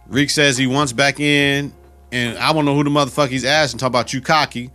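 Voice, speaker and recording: A man's voice: medium pitch, steady tone, fast, bright, forceful tone, faint music behind. A man hosting a podcast, retelling a TV episode in a casual, profane, slang-filled way. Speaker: podcast host.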